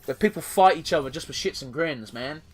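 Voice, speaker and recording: A man's voice: fairly high pitch, animated, a little fast. Sweary, rambling gamer man. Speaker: let's play host. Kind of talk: gameplay commentary.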